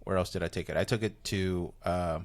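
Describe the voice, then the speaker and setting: A man, a comedian, talking casually on a podcast, rambling and animated, with many restarts. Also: low-pitched, brisk. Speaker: comedian guest.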